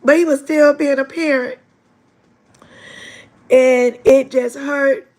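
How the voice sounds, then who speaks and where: A woman's voice: sits high, fairly even intonation, slow, darkish tone. A woman hosting a livestream, giving an earnest, emotional faith testimony straight to her viewers. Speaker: livestream host. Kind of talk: live-stream faith testimony.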